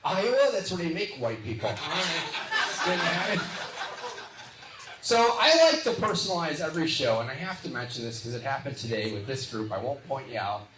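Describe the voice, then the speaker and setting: A man from the Midwest doing live stand-up comedy, joking back and forth with audience members in quick, punchy bits. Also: fairly high pitch, animated. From Midwest of the United States. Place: live comedy show venue. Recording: echoey live venue with loud crowd noise. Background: audience laughter and applause.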